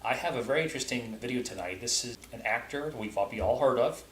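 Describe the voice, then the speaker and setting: A man's voice: medium pitch, fast, a little hiss or hum. A man hosting a recovery vlog, talking casually and directly to his viewers. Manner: chatty, addresses viewers directly. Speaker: vlog host. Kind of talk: casual commentary. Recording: roomy echo.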